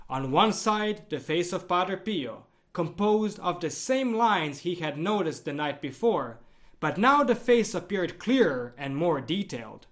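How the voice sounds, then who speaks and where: A man narrating a devotional story in a measured, expressive storytelling manner. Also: high-pitched.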